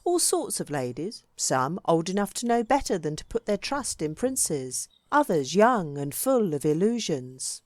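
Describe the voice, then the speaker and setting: A woman reading a classic book aloud as an audiobook narrator, measured and expressive, with varied emphasis. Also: fairly low pitch, no room sound. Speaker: audiobook reader.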